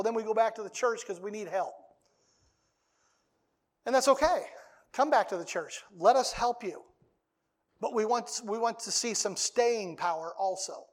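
A middle-aged man, a pastor, preaching a conversational sermon that builds to loud, excited bursts. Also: high-pitched.

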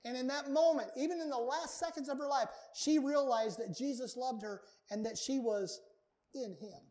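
A man with a very high voice preaching in a church. He talks with earnest emphasis and leans hard on repeated words, the way a pastor drives a point home from the pulpit. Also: moderate pace, a little mellow. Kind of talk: sermon. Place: church sanctuary.

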